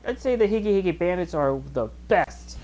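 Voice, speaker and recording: A woman giving casual game commentary as a video host, chatty and excitable, with rambling asides. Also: on the low side, moderate pace.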